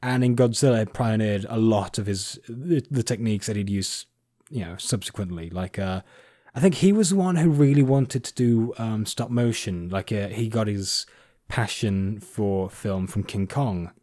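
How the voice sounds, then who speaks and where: A man's voice: on the low side, lively intonation, moderate pace, warm tone, dry recording, studio quality. A man hosting a casual podcast chat, explaining at length with frequent fillers and restarts. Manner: rambling, many fillers and restarts. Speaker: podcast host.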